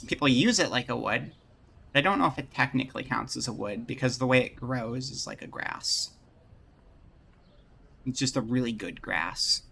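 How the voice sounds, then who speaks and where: A man live-streaming at a desk mic, rambling and joking as he thinks aloud. His voice is bright and forward, at an ordinary middle pitch. He keeps breaking off to welcome viewers by name. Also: animated, normal speed, gravelly, breathy edge. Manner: greets viewers in chat. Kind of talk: casual live-stream chat.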